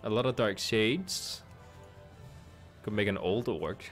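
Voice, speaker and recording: Low-voiced man chatting over a game. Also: slow pace, faint music behind. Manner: chatty, self-amused, thinks aloud. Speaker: gaming streamer. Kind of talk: casual game commentary.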